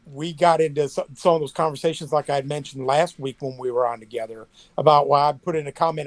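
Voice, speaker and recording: A man's voice: on the high side, steady tone, fast, few pauses, no echo. Male editor guest, friendly chatter, dead-dry close mic. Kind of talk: casual interview chat.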